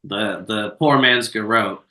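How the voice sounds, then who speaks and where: Bright-voiced man in an echoey room. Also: lowish voice, a little slow, far from the mic. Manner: laid-back, profane storytelling with filler words. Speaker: podcast co-host. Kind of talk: casual chat recapping a film.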